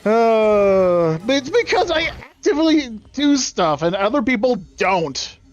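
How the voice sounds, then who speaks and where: Young man, high voice, sarcastic profane rant, casual game stream, faint music behind. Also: big pitch swings, measured pace, highs cut off. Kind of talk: casual rant while gaming.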